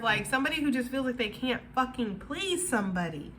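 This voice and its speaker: Woman, tarot reader, bright tone, blunt and chatty with swearing, faint hiss behind. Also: on the high side, expressive, brisk. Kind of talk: casual tarot reading.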